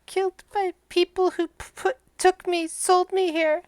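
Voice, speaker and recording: A woman voicing a small, timid flying monkey in a cage, speaking in a halting, frightened, pleading way. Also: extremely high pitch, little pitch movement, darkish tone, dry recording, voice pushed up. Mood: grieving.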